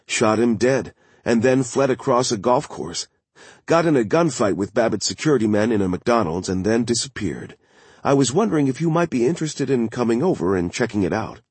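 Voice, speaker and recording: Audiobook: male narrator as an alert, excited newsman, raised pitch, dry close sound. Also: husky, no echo. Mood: eager. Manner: alert, eager, quick talk. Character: wry, excited male crime reporter.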